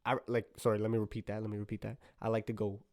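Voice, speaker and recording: A young man hosting a casual solo podcast, rambling playfully in slangy talk that jumps now and then into loud bursts. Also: on the low side, little pitch movement, rapid-fire, no room sound, studio quality. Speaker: podcast host.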